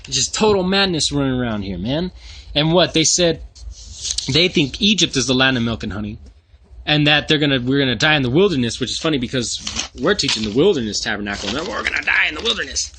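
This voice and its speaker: A man's voice: mid-range voice, expressive, fairly quick, bright, forceful tone, a little hiss or hum. A man with a New Mexico accent reads scripture aloud and breaks in with slangy, profane, mocking asides. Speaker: scripture teacher. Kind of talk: casual scripture teaching.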